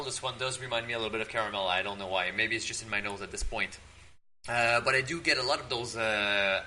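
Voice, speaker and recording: A man hosting his own vlog, tasting wine at home in his apartment and talking in a relaxed, rambling way with many fillers. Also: medium pitch, a little hiss or hum, low-quality recording. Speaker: host of a drink-tasting channel.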